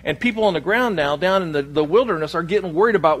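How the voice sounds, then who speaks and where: A man's voice: a little high, expressive, quick pace, hardly any pauses, fairly bright tone, slightly rough. A man preaching a sermon in church, with a humorous, self-deprecating storytelling manner. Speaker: pastor.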